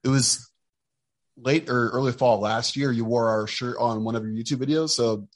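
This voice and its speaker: Host: mid-pitched man, friendly and jokey, casual chat. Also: fairly even intonation, normal speed. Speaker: podcast host.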